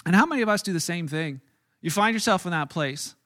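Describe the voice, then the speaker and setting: A man preaching a casual sermon to a live congregation, telling the story in an animated, chatty way with lots of restarts. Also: sits high, quick pace, no room sound, clean studio sound. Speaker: pastor. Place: church hall with a live congregation.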